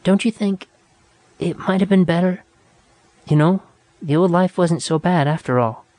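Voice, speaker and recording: A man's voice: high voice, normal speed, a little mellow, dry recording, pitched above the performer's own voice, natural voice. A man voicing a frightened young woman who clings and pleads. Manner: trembling, pleading.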